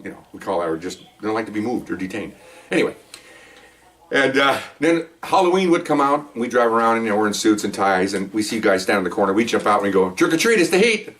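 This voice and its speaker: An older man, a retired cop, talks quickly and keeps drifting into jokey side stories. He keeps checking in with "okay?" and "you know" as he goes. His voice sounds a bit distant from the microphone. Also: on the low side, a bit bright. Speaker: retired police officer telling stories. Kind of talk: casual storytelling monologue.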